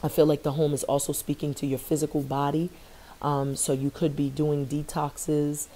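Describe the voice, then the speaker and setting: Low, flat-voiced woman tarot reader. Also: normal speed, slight background noise. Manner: earnest, affirming, repeats phrases for emphasis. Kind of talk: spiritual tarot reading.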